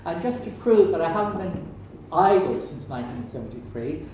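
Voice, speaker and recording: A man's voice: a little high, lively intonation, moderate pace, darkish tone. An Irish man in his sixties doing rambling, self-mocking stand-up comedy on a small stage. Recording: echoey room, distant mic, faint hum.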